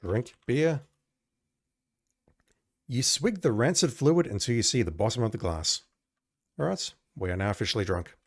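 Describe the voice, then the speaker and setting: Exasperated man with lively pitch. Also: moderate pace, long pauses, no echo, clean studio sound. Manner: sarcastic, exasperated asides. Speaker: gamer playing a retro game. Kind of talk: let's play commentary.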